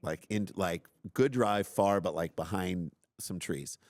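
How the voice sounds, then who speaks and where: A middle-aged man hosting a podcast, telling a personal story in an animated, self-deprecating way and acting out his own outbursts. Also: low-pitched, takes it slowly, no room sound. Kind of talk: casual storytelling.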